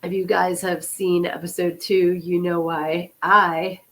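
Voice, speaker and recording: A woman in her fifties with a slightly low voice, hoarse and sniffly from a lingering cold. She chats casually to her livestream audience, greeting people by name and apologizing for how she sounds. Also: level tone, slow pace, a bit bright. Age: 50s. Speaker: podcast host and author.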